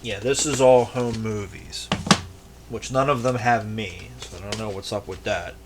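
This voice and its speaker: The recording is very noisy, but a man's fairly low, fairly even voice comes through at normal speed. He's a VHS collector vlogger doing a casual show-and-tell of his tapes, rambling, jokey, and freely profane.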